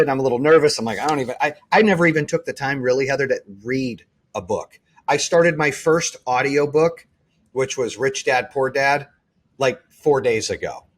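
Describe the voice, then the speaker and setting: Earnest husky man hosting a podcast. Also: medium pitch. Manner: earnest, rambling, frequent restarts. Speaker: podcast host. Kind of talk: casual interview chat.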